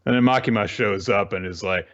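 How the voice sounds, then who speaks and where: The highs are cut off, leaving the co-host's fairly low voice sounding dull. Recapping manga on a casual show, he performs characters' lines in quick voices and frequently breaks into laughter.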